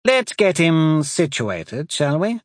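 A cunning male sorcerer with a silky, soothing voice, as a man reads him aloud. He lingers over each word at a slow, deliberate pace, his pitch rising and falling with lively expression. The sound is close and dry. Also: no room sound. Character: cunning male sorcerer, smooth, patient and manipulative.

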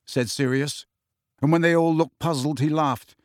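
A man narrating an audiobook in an expressive, measured storytelling manner. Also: mid-range voice, no echo, clean studio sound. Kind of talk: scripted narration.

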